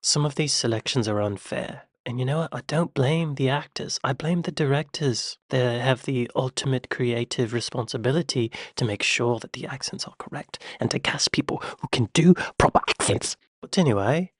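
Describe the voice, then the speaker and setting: A man's voice: medium pitch, moderate pace, hardly any pauses, no echo. An American man gives casual reaction commentary, joking and speaking directly to his viewers. His voice sits in an ordinary middle range. The recording is dry and close, with no room sound. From United States. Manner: joking, talks straight to the camera. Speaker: reaction video host.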